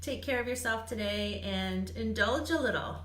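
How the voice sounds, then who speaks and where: A woman's voice: medium pitch, moderate pace, a bit bright, slight background noise. A woman doing live card readings for viewers, chatty and reassuring, laughing often and filling gaps with "um". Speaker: psychic reader. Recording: echoey room.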